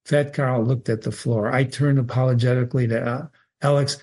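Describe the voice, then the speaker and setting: A man reading a short story aloud, measured, with an occasional slip. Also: mid-range voice, fairly even intonation, darkish tone. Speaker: reader.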